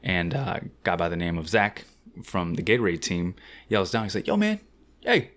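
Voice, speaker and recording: A man guesting on a podcast, telling an animated, slangy anecdote about his riding career. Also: low voice. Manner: fast-talking. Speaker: guest BMX rider. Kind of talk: casual storytelling.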